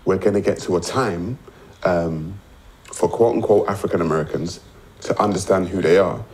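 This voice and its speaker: A British man being interviewed, speaking in a hesitant, halting way with frequent fillers. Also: sits low, darkish tone, low-quality recording.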